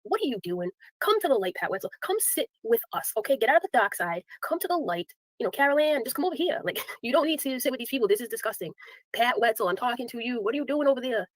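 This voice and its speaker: A woman's voice: a little high, animated, fast, no echo, low-quality recording. A woman ranting sarcastically at her viewers on a live stream, scolding and calling them out.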